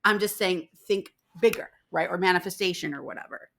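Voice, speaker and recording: Young woman, bright voice, heated casual rant, swears a lot, acts out voices. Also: lowish voice, a little fast, gravelly. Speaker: spiritual vlogger. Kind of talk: casual ranting monologue.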